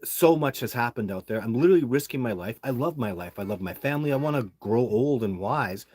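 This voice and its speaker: A man's voice: mid-range voice, animated, fairly quick, darkish tone, breathy edge, no echo. A man from Canada, an independent Sasquatch researcher who hosts the show, telling a story in a casual monologue. He talks bluntly and heatedly and swears freely while he vents.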